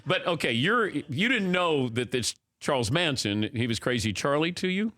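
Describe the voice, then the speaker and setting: A man hosting a sports talk show, asking relaxed questions in a casual interview and using filler words now and then. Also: on the high side, normal speed, dry recording, studio quality.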